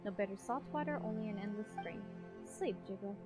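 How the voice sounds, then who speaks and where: A woman voicing a calm, menacing dream voice that lulls its enemy to sleep, in a slow, coaxing way. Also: mid-range voice, close to an everyday voice. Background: game soundtrack music.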